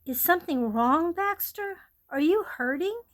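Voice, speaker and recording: A woman voicing a cheerful young girl who dotes on her dog, speaking brightly and affectionately. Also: very high-pitched, expressive, measured pace, voice pushed up.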